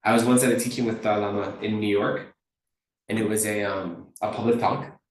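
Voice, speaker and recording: A man giving a Buddhist teaching in a relaxed, conversational way, often checking in with listeners by asking "right?". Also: lowish voice, fairly quick. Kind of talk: dharma teaching talk. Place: teaching hall at a dharma center. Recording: very echoey room, mic far off.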